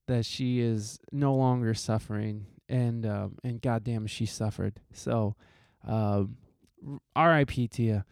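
A man's voice: mid-range voice, gravelly, a little mellow, dry recording. Guy hosting his podcast, earnest and heartfelt, swears a bit, dry close sound. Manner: earnest, heartfelt, swears casually, many restarts. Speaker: podcast host. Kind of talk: solo podcast talk.

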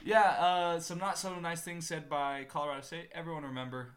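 Man, sports podcast co-host, bright tone, a bit high, playful banter. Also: fairly even intonation, a little fast. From not from Utah. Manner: joking, puts on mock accents. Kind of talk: casual sports chat.

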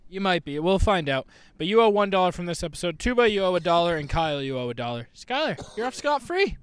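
A man hosting a casual podcast outdoors, wrapping up the episode briskly with laughs and some cursing. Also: high voice, big pitch swings, smooth, no room sound. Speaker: podcast host.

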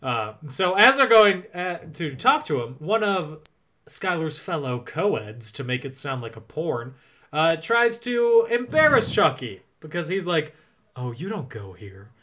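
A man co-hosting a podcast, telling a movie's plot in a jokey, animated way. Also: fairly high pitch, measured pace. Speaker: podcast co-host. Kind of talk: casual movie recap chat.

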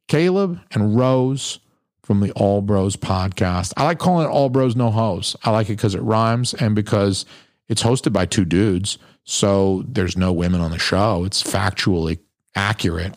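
A man's voice: lowish voice, dry recording, studio quality. A man hosting his podcast, talking in a crude, blunt, rambling way and swearing constantly. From New Hampshire. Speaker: podcast host. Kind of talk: profane casual monologue.

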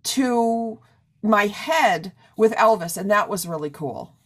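A woman's voice: medium pitch, lively intonation, takes it slowly. A middle-aged woman hosting an interview in a chatty, rambling way, full of "you know". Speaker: radio interview host. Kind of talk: casual chat.

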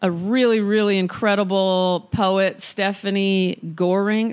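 Husky-voiced woman reading poems aloud. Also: on the low side. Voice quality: husky, worn voice. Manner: unhurried, expressive reading with playful asides. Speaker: podcast host reading poetry. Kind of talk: casual poetry reading podcast.

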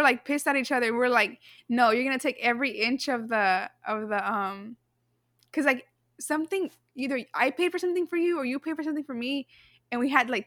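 A woman co-hosts a casual podcast chat, reading the quiz in a high, bright, forceful voice. The sound is clean studio audio with no echo, and she rambles with fillers and restarts, laughing easily.

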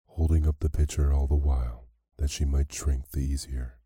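A man narrating a classic fairy tale as a slow, soothing bedtime story. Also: rumbling low, little pitch movement, husky, no echo, studio quality. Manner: slow, soft, soothing reading.

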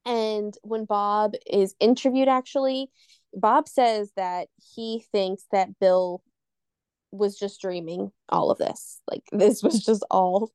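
A woman's voice: mid-range voice, fairly even intonation, a little mellow, clean tone, dry recording, studio quality. A woman co-hosting a podcast, casually retelling a ghost story with rambling asides. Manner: rambling, loses her train of thought, quick asides. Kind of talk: casual chat, telling a scary story.

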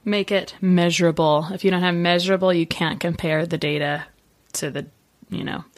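A woman hosts a podcast interview in a chatty, playfully teasing way. Her voice sits a little low for a woman. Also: fairly even intonation, normal speed. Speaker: podcast host. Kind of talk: casual interview chat.

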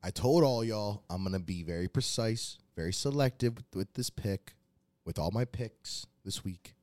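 A man's voice: fairly low pitch, moderate pace, dry recording. A man co-hosting a casual sports betting podcast, joking and confident as he gives his picks. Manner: animated, jokey, confident. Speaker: co-host making sports picks.

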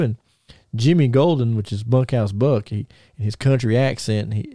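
Rambling man, mellow voice. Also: mid-range voice, no room sound, clean studio sound. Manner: rambling storyteller with many fillers and restarts. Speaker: podcast host. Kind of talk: casual podcast chat.

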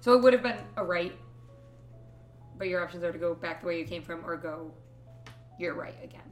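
A woman's voice: fairly low pitch, a little fast, roomy sound, soft background music. A woman narrating as game master, casual and loose, with lots of "um" and "like". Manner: casual, filler-laden narration with frequent "um" and "like".

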